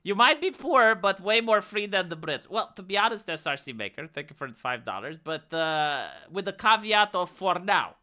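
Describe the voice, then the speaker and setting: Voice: medium pitch, big pitch swings, moderate pace, hardly any pauses, sharp tone. A live streamer from Romania with a Romanian accent, ranting bluntly and with a lot of swearing in a casual livestream chat.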